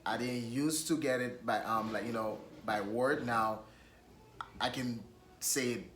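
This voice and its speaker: A man with a Haitian accent co-hosting a casual chat, speaking haltingly with many ums. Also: medium pitch, a bit bright, echoey room, slight background noise. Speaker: co-host.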